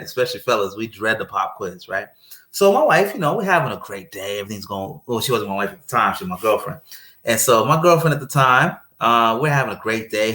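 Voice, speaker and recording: A man, a guest, telling a personal story in a lively, chatty way, laughing and repeating phrases. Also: on the low side, echoey room. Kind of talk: anecdotal storytelling.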